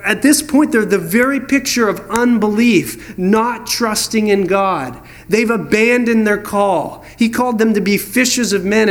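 A man preaching a sermon, reading verses and telling stories, acting out voices in the dialogue. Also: high voice. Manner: storytelling, animated, acts out voices in dialogue. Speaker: pastor.

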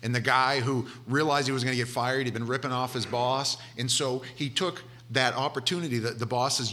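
A man preaching a conversational sermon, retelling scripture with animated asides and voiced characters. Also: mid-range voice, brisk, hardly any pauses.

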